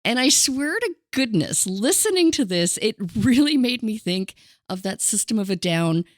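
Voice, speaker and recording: A woman's voice: fairly high pitch, sing-song, moderate pace, dry recording, studio quality. A woman co-hosting a podcast, chatting playfully about music. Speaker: podcast co-host. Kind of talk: casual music chat.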